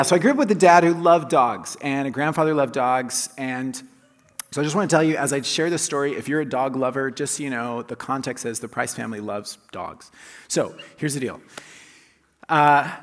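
A man's voice: medium pitch, fairly bright tone. A man preaching a casual, conversational sermon in a church, with restarts and chuckles, speaking into a microphone. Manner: conversational and self-deprecating, with restarts and laughs. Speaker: pastor. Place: church sanctuary. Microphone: handheld or lapel mic, checked aloud. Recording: long reverb of a large hall.

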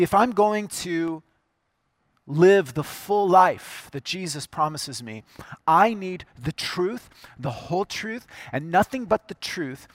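Earnest male preacher, higher voice. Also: fairly bright tone, no echo. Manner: earnest, emphatic preaching with repeated phrases. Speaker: pastor. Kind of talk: sermon.

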